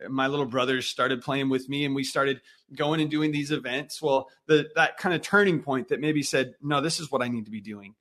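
A man in his thirties, a guest on an interview, telling a story with lively acted-out dialogue. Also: medium pitch. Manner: animated storyteller acting out quoted dialogue. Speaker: guest, missionary musician.

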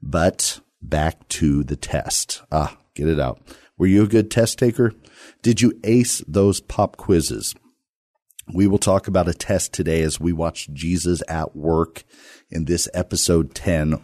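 A man hosting a radio Bible study podcast, talking casually with playful, self-deprecating jokes and sudden lively jumps. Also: very deep voice, no room sound, studio quality. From Virginia, US.

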